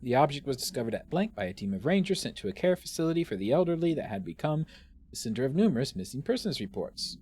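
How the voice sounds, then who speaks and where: A man's voice: mid-range voice, sing-song, fast, mellow, breathy edge. A man streaming a game live, joking animatedly and reading game text aloud. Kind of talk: live let's play commentary.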